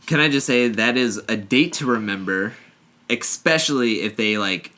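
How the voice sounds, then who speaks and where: A man's voice: medium pitch, normal speed, sharp tone. A man co-hosting a casual podcast, reading dating stories aloud and joking, rambling and laughing often. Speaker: podcast co-host.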